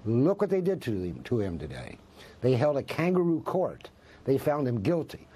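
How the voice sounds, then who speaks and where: A man's voice: mid-range voice, sing-song, moderate pace, dark tone, breathy edge. A man, a professor, speaking as a guest in a news interview, arguing with passion and rhetorical questions. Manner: impassioned, argues with rhetorical questions.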